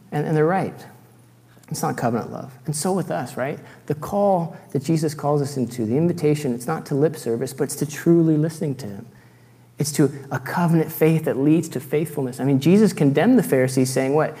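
A man's voice: on the high side, moderate pace, warm tone, in a large hall. A man giving an earnest teaching sermon, reading scripture passages aloud and adding light self-deprecating asides. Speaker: preacher.

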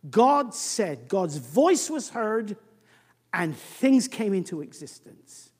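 A preacher delivering a sermon in a church, swinging from booming emphasis to a near-whisper, often restarting and repeating words. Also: sing-song, takes it slowly, a little mellow, husky, in a large hall.

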